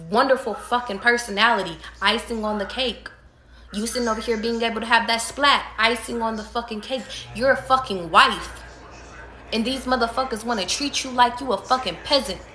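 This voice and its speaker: A woman's voice: a little high, bright, forceful tone, echoey room. A woman giving casual tarot readings to her viewers, talking emphatically with lots of profanity, repeating and restarting her phrases. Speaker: tarot reader.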